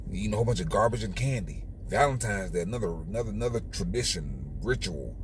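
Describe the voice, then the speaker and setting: A man's voice: fairly low pitch, expressive, fast, background noise. A man hosting his own channel, lecturing viewers in a preachy, repetitive monologue. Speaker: channel host.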